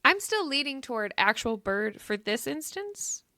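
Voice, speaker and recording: A woman co-hosting a book club podcast in a casual, thinking-aloud way, with frequent restarts. Her fairly high voice is bright and sharp. It is recorded dry and close. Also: sing-song, measured pace, dry recording. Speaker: podcast co-host.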